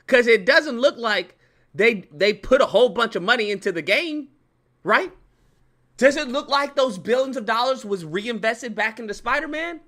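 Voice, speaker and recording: A man giving ranting video commentary, profane and animated, repeating his points for emphasis. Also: high voice. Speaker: YouTube commentator.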